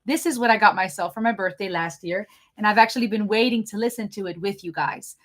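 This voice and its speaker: A young adult woman with a slight German accent, hosting a live Q&A in an excitable, fast-talking, chatty way. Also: mid-range voice. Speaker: channel host doing a live Q&A. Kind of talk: casual live-stream chat.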